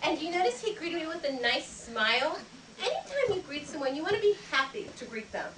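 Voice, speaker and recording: High-voiced woman teaching kids manners. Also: big pitch swings, brisk, a bit bright. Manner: upbeat teacherly, acts out greetings and handshakes. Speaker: etiquette instructor. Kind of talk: teaching manners to a group of children. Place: library program room. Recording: echoey room, distant mic, background noise.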